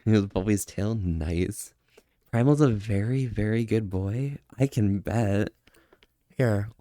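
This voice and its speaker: Soft-spoken man with a low voice. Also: no echo. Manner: soft-spoken, slow drawn-out praise. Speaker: streamer. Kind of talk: casual livestream chat.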